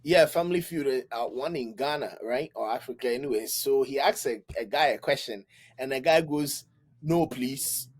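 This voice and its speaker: In a casual podcast conversation, this male co-host tells lively stories and performs the quoted voices of their characters. His voice is husky and medium-pitched, at a normal speed.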